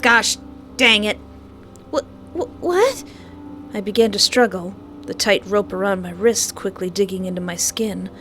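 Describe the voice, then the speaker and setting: A woman's voice: mid-range voice, steady tone, normal speed, pushed and bright, a little hiss or hum. A woman reading a visual novel aloud, breaking into dramatic, jokey outbursts between the lines of narration. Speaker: gaming video creator.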